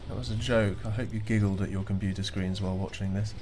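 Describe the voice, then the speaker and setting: A man's voice: fairly low pitch, lively intonation, measured pace, long pauses. Guy casting a strategy game replay, joking around, faint music behind. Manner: chatty and joking, with playful asides. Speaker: game commentator.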